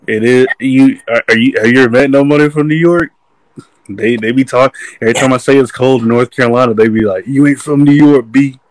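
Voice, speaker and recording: A man's voice: medium pitch, steady tone, quick pace, dry recording, rough recording. A young man joining a live stream as a guest, telling stories in chatty slang and laughing easily. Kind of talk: casual chat.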